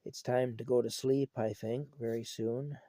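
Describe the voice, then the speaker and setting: Older guy rambling through old family stories, folksy and chuckly, gravelly voice, dry close sound. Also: mid-range voice, level tone, normal speed, warm tone, no echo. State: unwell. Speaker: vlogger. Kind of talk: casual storytelling.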